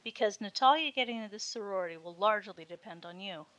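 A woman's voice: mid-range voice, expressive, fast talker, fairly bright tone, natural voice. A woman doing a curt, bossy sorority sister. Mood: commanding. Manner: curt and commanding.

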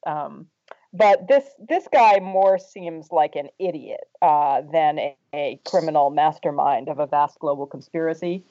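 A man's voice: on the high side, unhurried, mellow. A man from France, a panel guest making wry, argumentative points in a political discussion, with frequent hesitant restarts. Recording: dull lo-fi audio.

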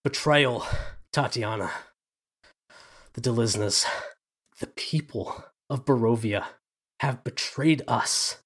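A man's voice: medium pitch, slow, long pauses, a bit bright, breathy edge. A man voicing an anguished, possessive undead vampire lord in a tabletop game, with a grave, declaiming delivery.

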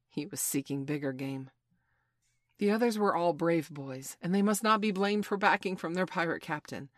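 Low-voiced woman narrating a storybook. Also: dry recording, studio quality. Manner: dramatic, expressive narration. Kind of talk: storybook reading.

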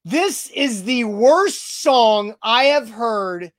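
A man's voice: extremely high pitch, expressive, drawn-out words. A man co-hosting a sports talk show, ranting emphatically in a casual, exasperated way.

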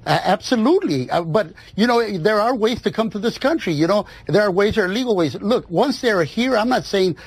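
Husky, high-voiced man debating. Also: lively intonation, a little fast, hardly any pauses, no echo. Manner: insistent, with many fillers. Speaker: political guest.

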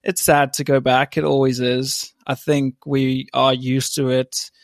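A young man from England and South Africa, a podcast guest telling stories in a relaxed, laughing way. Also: medium pitch, unhurried, vocal fry, dry recording, clean studio sound. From born in England, raised in South Africa. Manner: laughing, self-deprecating storytelling. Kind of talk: casual chat.

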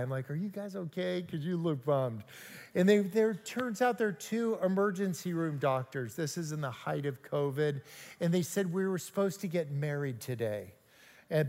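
An older man giving an animated, jokey storytelling sermon at a church service. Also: a little high. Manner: animated, jokey, acts out quoted exchanges. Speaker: guest speaker at a church service. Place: large church sanctuary. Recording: long hall reverb.

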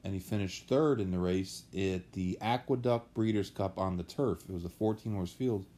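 A man's voice: deep voice, normal speed, mellow, slight background noise. A man chatting casually on a podcast as a guest, telling rambling, anecdotal stories about horse racing.

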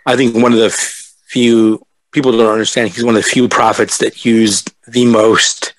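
A man on a podcast panel, talking excitedly and stumbling over his words. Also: mid-range voice, normal speed, poor audio. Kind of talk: casual group chat.

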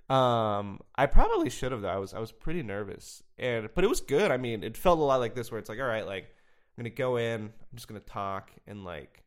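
A man's voice: lowish voice, lively intonation, moderate pace. A young man talking as a podcast guest in a casual chat, rambling and self-deprecating, laughing often and filling his sentences with ums and likes.

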